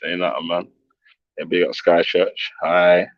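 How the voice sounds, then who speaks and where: A very low-voiced man chats loosely to his viewers, full of slang and quick laughs. The sound is close and dry but dull. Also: little pitch movement, no echo. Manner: slangy, laughing, addressing chat and callers. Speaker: livestream host. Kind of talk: casual livestream chat.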